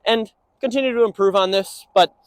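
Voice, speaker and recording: A young man training a dog, explaining casually and breaking into high sing-song praise for it. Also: brisk, dry recording. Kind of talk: instructional walk-and-talk.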